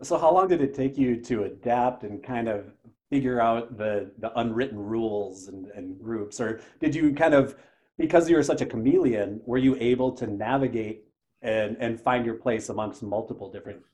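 A man's voice: mid-range voice, moderate pace, warm tone. A man hosting a casual podcast interview, asking questions with searching phrasing and laughing easily. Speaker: podcast host.

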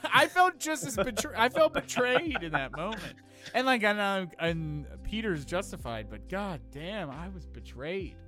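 Man, casual film chat, slightly high voice, very lively delivery, faint music behind. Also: measured pace. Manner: animated, swears freely, acts out scenes in high voices. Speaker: podcast co-host.

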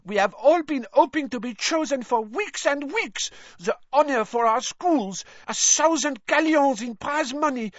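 Brief: man putting on a high, haughty young witch, dry and dull sound. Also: expressive, measured pace, no room sound. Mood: indignant. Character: shrill young woman, proud and indignant. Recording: dull, slightly lo-fi.

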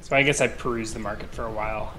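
A man's voice: lowish voice, fairly even intonation, fast talker, bright, forceful tone, slight background noise. A man playing a tabletop role-playing game, casual and hesitant, with dry jokes. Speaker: player.

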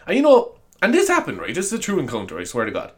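A man's voice: fairly high pitch, wildly swooping pitch, very fast. An Irish man hosting a podcast, rambling and joking in a casual comedic monologue, swearing and laughing as he goes. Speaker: podcast host.

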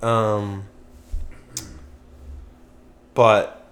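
A man's voice: lowish voice, flat delivery, extremely slow, a bit bright. A young man from Pennsylvania hosting a podcast, chatting casually, rambling, swearing and losing his train of thought. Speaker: podcast host. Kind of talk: casual chat.

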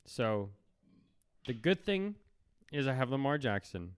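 Lively, enthusiastic podcast man. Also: mid-range voice, a little slow, smooth. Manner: animated, enthusiastic. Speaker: podcast co-host. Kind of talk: casual sports banter. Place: indoor podcast studio.

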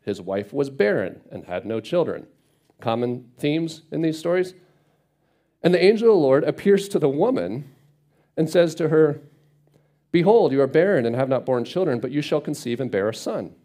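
A man's voice: medium pitch, animated, normal speed, dark tone. A man teaching a Bible passage casually, reading verses and retelling them in everyday speech. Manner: conversational, paraphrases scripture in everyday speech.

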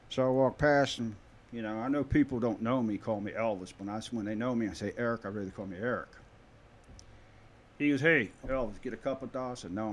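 A man who is a guest on a podcast, telling a story in casual chat and acting out the dialogue in a lively way. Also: fairly low pitch, slight background noise. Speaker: guest, tribute performer of a famous singer.

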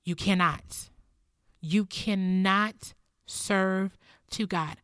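A woman's voice: medium pitch, measured pace, fairly bright tone, dry recording, studio quality. A middle-aged woman teaching about faith and money in an earnest, heartfelt, personal way, moving between teaching and prayer. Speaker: Christian teacher.

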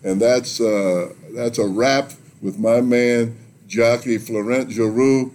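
A man's voice: medium pitch, steady tone, slow, a little mellow. A man hosting a podcast interview, friendly and joking as he leads the questions. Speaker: podcast host.

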